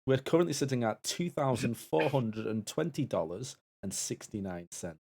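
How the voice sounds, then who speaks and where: A man co-hosting a live charity stream, chatting casually and reading out donations. His voice carries a gravelly, fry-laden texture. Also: medium pitch, sing-song, moderate pace, mellow. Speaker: stream co-host and assistant.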